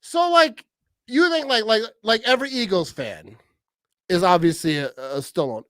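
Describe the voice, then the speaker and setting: A man in his forties chats about football on a podcast, rambling and repeating himself between bursts of laughter. His voice is high and lively, recorded dry and close. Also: moderate pace, no echo. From Wisconsin, USA. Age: 40s. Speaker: podcast host. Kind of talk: casual sports chat.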